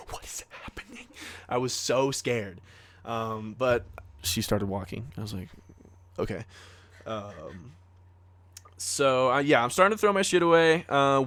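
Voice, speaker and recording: A man's voice: mid-range voice, a bit bright. A young man co-hosting a podcast, telling a story in a casual, rambling way full of fillers and acted-out quotes. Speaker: podcast co-host.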